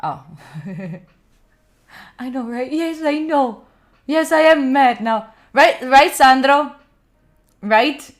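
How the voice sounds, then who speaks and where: A woman's voice: high voice, lively intonation, very slow, pauses often. Chatty Italian woman streamer. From Italy. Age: young adult. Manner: chatty, playful, mock-indignant, frequent fillers. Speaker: study streamer. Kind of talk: casual live-stream chat with viewers.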